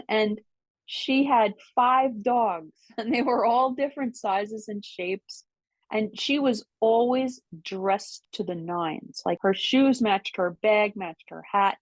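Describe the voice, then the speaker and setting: An older woman, a podcast guest, telling casual stories in an animated way, laughing often and mimicking voices. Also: medium pitch, no echo. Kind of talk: casual storytelling. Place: New York City.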